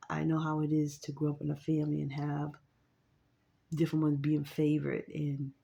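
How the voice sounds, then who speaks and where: Grandmother vlogger with a warm, dark, low voice, who tells a rambling story with lots of fillers. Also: completely flat delivery, moderate pace, vocal fry. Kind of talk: casual storytelling vlog.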